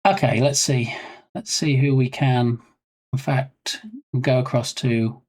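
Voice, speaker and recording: A man's voice: mid-range voice, steady tone, takes it slowly, a little mellow. A man chatting casually on a live game development stream, rambling and self-mocking.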